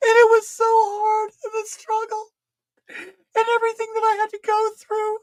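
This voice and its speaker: A man putting on a high, mock-tearful voice to play a whiny young drag queen confessing a struggle. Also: completely flat delivery, moderate pace, no room sound, rough recording.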